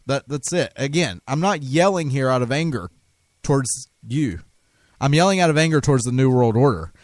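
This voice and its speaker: A man's voice: mid-range voice, animated, moderate pace, a little mellow, no echo. A man hosting a talk radio show, delivering an impassioned, emphatic monologue with frequent restarts. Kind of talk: conspiracy talk radio rant.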